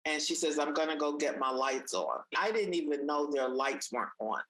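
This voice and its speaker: A woman in conversation, telling a personal story with animated energy and acting out the voices of people she quotes. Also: moderate pace, low-quality recording. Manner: animated, acts out quoted voices, pitch jumps up in excited moments. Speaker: guest sharing a story.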